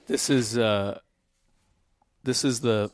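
A man's voice: medium pitch, slow pace, no echo. A man hosting a casual interview, playful and asking follow-up questions. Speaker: podcast host.

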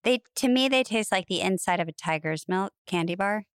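A woman's voice: mid-range voice, expressive, fairly quick, smooth, no room sound, clean studio sound. A woman co-hosting a podcast in casual chat, a chatty storyteller who laughs easily and says "like" often. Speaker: podcast co-host.

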